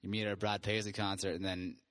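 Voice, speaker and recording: A man on a podcast recalling his old band in relaxed, rambling casual chat. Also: low voice, fast talker, no echo. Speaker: podcast host, former band musician.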